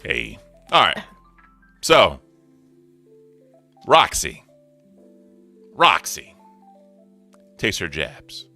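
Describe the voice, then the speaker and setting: A man hosts a loose commentary stream, his deep voice bouncing through a wide range. His tone is bright and cutting, and he swears freely as he reacts. Faint music plays underneath. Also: big pitch swings, very slow, pauses often. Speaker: stream host. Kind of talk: casual commentary.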